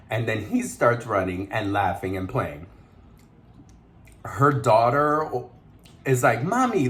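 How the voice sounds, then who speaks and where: A man's voice: mid-range voice, a bit bright. A man vlogger eating on camera while telling a story, chatty and laughing, mixing in Spanish words. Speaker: mukbang vlogger.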